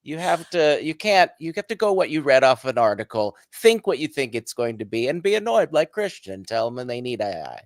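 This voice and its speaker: Teasing man with a very lively voice. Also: mid-range voice, brisk, few pauses, no room sound, studio quality. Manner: joking, teasing. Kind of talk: casual panel chat.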